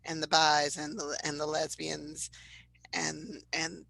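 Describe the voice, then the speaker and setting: A woman co-hosting a podcast in casual chat, animated and loud, laughing often. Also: low voice, takes it slowly, gravelly, dry recording, poor audio. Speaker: podcast co-host.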